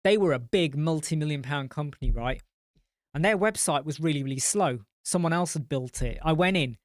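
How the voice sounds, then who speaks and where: A man's voice: fairly high pitch, a little fast, no room sound, studio quality. A man hosting a live-stream chat, swearing bluntly as he tells client stories and answers viewer comments. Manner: blunt and profane. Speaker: host.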